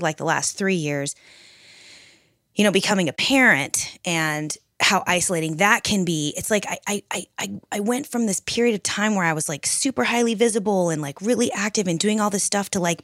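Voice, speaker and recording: A woman's voice: fairly low pitch, normal speed, fairly bright tone, no echo, studio quality. A young adult woman co-hosting a podcast, talking in a reflective, candid way that rambles with restarts. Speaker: podcast co-host. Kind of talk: casual group podcast chat.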